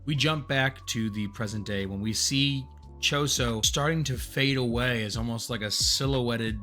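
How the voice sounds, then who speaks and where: Earnest man recapping a story, bright voice. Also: mid-range voice, a little slow, faint music behind. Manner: earnest, rambling, gets excited and louder at big moments. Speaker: manga recap host. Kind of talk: casual story recap commentary.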